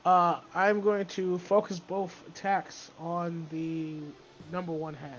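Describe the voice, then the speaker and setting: A man playing a tabletop game casually, talking slowly and swearing freely. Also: high voice, little pitch movement, a little hiss or hum. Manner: slow, drawn-out, swears freely. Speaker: player. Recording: dull lo-fi stream audio with faint music.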